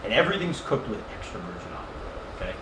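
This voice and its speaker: A middle-aged man rattles off a crude, comic travel story at a quick clip, voicing everyone he quotes. He sits back from the mic in an echoey room with a steady hiss behind him. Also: fairly low pitch. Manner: animated, profane, comic storyteller who acts out quotes. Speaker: podcast guest. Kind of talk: casual storytelling chat. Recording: roomy, distant and noisy podcast mic.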